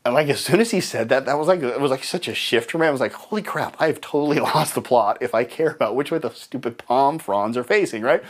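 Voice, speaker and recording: A man leads a live seminar in the middle of his range, talking fast and with energy. He tells his stories with humor and acts out what other people said, his voice jumping up when he plays them. He sounds like a trainer speaking to a room full of people. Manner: animated storyteller acting out dialogue in higher voices.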